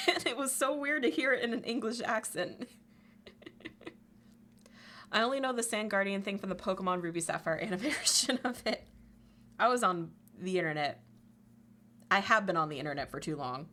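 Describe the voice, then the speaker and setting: Pushed and bright, this streamer's voice carries a bit of background hiss or hum. She's chatty and laughs frequently in a casual stream, cursing without restraint and squeaking out meme quotes.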